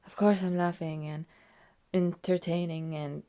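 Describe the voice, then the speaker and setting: Talking loosely over her own video, a woman giggles a lot and swings between loud, excited outbursts and soft, mumbled asides. Her voice sits fairly low, with vocal fry, and she moves at a moderate pace.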